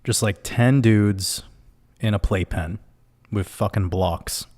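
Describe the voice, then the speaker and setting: Male livestream host, casual chat, swears freely, laughs often, lowish voice. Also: slow pace, darkish tone.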